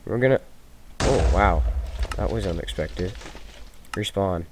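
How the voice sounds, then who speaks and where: A man giving casual commentary over his own game, jumping from loud excited shouts to low mumbled asides. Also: slow. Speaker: gaming video host. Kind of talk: casual let's-play commentary. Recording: noisy home gaming recording.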